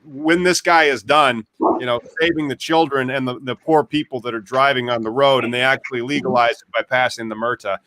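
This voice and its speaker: A man's voice: mid-range voice, steady tone, brisk, background noise. A man hosting a live podcast, chatting casually and wryly about news as it happens. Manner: chatty, wry, talks over tech trouble. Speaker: podcast host.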